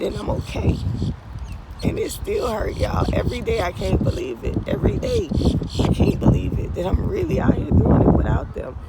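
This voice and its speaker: Gravelly, tearful woman testifying to viewers. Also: medium pitch, heavy background noise. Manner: impassioned, profane, repeatedly addresses viewers as y'all. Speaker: vlogger.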